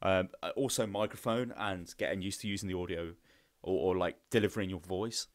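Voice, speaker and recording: A man's voice: sits low, brisk, no echo. A young man with a headset, hosting a live Q&A in a rambling, profane, casual way. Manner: rambling and profane, with lots of fillers. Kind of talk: casual chat.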